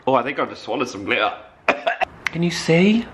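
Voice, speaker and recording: Excitable man in an echoey flat. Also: medium pitch, normal speed, far from the mic, slight background noise. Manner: excitable, gushing, camp. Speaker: vlogger. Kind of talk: casual vlog chat. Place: flat, indoors. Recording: echoey room.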